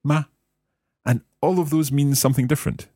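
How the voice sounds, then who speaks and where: A man's voice: low-pitched, sing-song, normal speed, darkish tone, husky, no room sound, clean studio sound. A man hosting a language lesson podcast, curious and carefully repeating words after his teacher. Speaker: host and learner.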